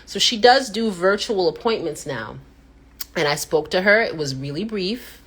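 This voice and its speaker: A woman hosting a casual live chat, telling stories with animated reactions and acting out what people said with sudden pitch jumps. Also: normal speed, breathy edge. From United States. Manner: animated storyteller who acts out quotes with sudden pitch jumps. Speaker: host.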